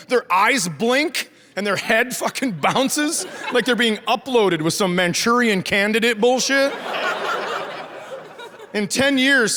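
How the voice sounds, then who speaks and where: A man's voice: extremely high pitch, background noise. A middle-aged man from rural Minnesota doing a stand-up comedy set, telling profane, sarcastic stories about his family. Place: comedy stage before a live audience. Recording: live show with loud crowd laughter.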